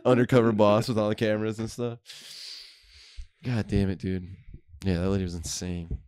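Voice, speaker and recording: Low-pitched dude rambling and cussing on his podcast, dry close mic. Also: steady tone, moderate pace, darkish tone, smooth, no echo. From Houston, Texas. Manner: profane, laid-back rambling with laughs. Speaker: podcast host. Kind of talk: casual storytelling chat.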